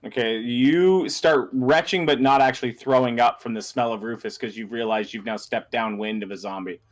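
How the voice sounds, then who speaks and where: A man's voice: mid-range voice, moderate pace. A man narrating as game master in a casual online tabletop session, rambling with fillers.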